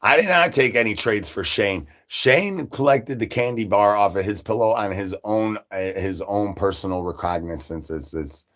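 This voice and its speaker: A man rambling through absurd nonsense banter on a comic live stream, breaking into sudden high shouted asides. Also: normal speed, hardly any pauses. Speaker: livestreamer.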